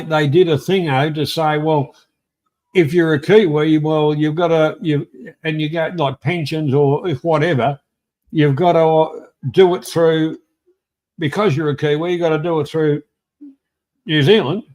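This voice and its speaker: A man's voice: a little high, unhurried, darkish tone. A man in his sixties with an Australian accent, rambling and swearing with many restarts as he hosts a livestream chat. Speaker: host. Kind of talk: casual chat. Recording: livestream video call.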